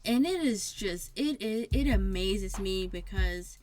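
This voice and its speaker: A woman's voice: mid-range voice, unhurried, a little hiss or hum. An American woman co-hosting a podcast, telling stories in casual chat with lots of laughter. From United States. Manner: animated storytelling, frequent laughter. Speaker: podcast co-host.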